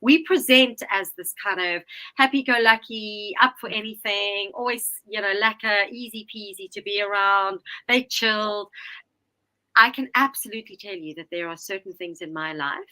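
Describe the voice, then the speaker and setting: Lively swearing woman telling a story. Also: medium pitch, normal speed, low-quality recording. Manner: animated, swears freely, acts out quotes. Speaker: guest, Enneagram teacher. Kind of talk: casual storytelling.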